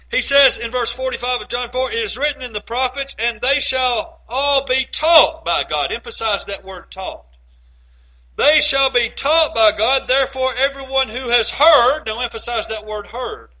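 A man preaching a sermon, quoting scripture and swinging between loud, emphatic phrases and low, quiet asides. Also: low-quality recording.

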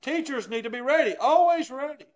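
A man's voice: extremely high pitch, animated, a little fast, poor audio. A man preaching a sermon in an earnest, emphatic way, often asking rhetorical questions.

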